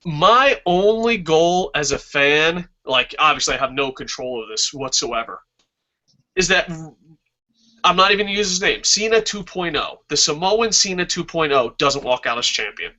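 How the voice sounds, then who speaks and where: Brief: male wrestling-stream host, excitable and profane, bright, forward tone, dull lo-fi sound. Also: a little high, normal speed. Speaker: wrestling talk show host. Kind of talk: casual live-stream chat.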